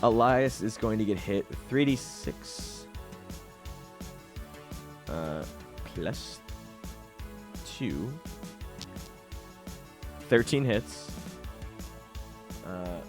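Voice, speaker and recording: Young man, game master, animated pitch, slow pace, loose and profane, faint music behind. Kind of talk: narrating a tabletop game.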